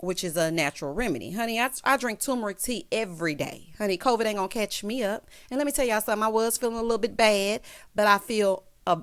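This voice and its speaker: A woman recapping a reality show in a sassy, chatty way, talking straight to the cast. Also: mid-range voice. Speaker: recap vlogger.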